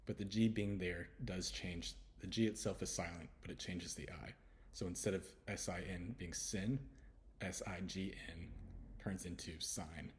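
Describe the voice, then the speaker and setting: A man from Houston, teaching letter sounds in a relaxed lesson and slowly repeating each sound. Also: low voice, a little hiss or hum. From Houston, Texas. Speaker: English pronunciation teacher. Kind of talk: casual spoken lesson.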